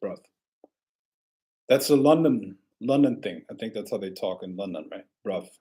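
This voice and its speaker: A man hosting a casual livestream, answering viewer questions in a relaxed, rambling way with frequent restarts. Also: lowish voice, brisk.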